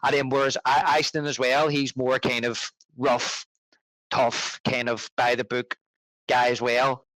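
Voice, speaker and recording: A man's voice: mid-range voice, flat delivery, unhurried, a bit bright, dry recording, low-quality recording. A man co-hosting a film podcast, chatting casually and enthusiastically, often restarting his sentences. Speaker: podcast co-host.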